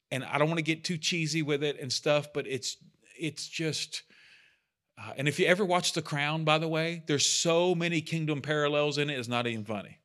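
Bright-voiced chatty man preaching. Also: medium pitch. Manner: chatty, rambling, self-deprecating asides. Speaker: pastor. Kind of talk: casual sermon talk.

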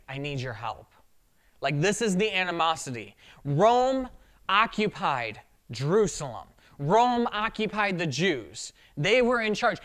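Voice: mid-range voice, fairly bright tone. A pastor preaching a sermon in a conversational way, acting out quotes along the way.

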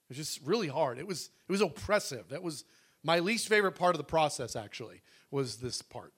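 A middle-aged man telling a testimony in a conversational sermon. He is animated, acts out the dialogue, and often restarts his sentences. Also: fairly high pitch, fast, husky.

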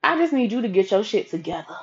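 A woman's voice: medium pitch, sing-song, quick pace, dull audio. A woman voicing a blunt older male mentor who lectures with profanity, barely changing her own voice. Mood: stern advice.

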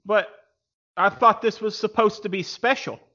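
A man's voice: high-pitched, fairly even intonation, moderate pace, pushed and bright, pitched above the performer's own voice, heavily acted. A man voicing a naive young male horse who pleads and hesitates, in a dull lo-fi recording. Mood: pleading.

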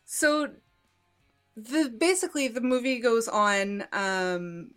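A woman in her thirties talks through a movie's story with animated energy. Her voice sits on the higher side, and her speech is casual and peppered with "like". It sounds like a relaxed podcast chat between friends. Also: slow, soft background music. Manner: animated plot retelling, frequent "like". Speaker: podcast co-host.

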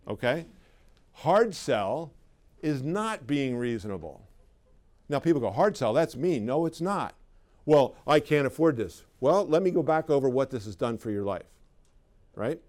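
A man's voice: mid-range voice, big pitch swings, a little slow, pauses often, a little mellow. A middle-aged man giving a live sales training seminar, talking in a conversational, emphatic way and putting questions to the audience. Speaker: sales trainer for clinic owners.

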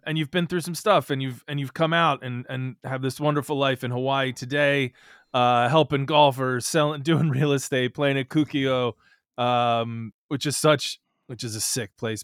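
Smooth-voiced man hosting a podcast. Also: mid-range voice, no echo, clean studio sound. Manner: warm, praising, a few fillers and laughs. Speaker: podcast host. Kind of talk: interviewing.

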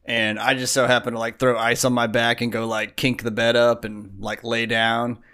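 A man's voice: medium pitch, level tone, normal speed, pushed and bright. A man co-hosting a podcast, telling a long story in casual chat, full of fillers and asides. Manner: rambling storytelling with many fillers. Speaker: podcast co-host.

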